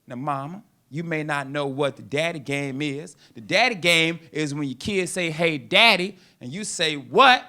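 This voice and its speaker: Male stand-up, high and bright, punchy delivery. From North Carolina, USA. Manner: loud, punchy storytelling with drawn-out pauses. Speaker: stand-up comedian. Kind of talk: stand-up comedy set.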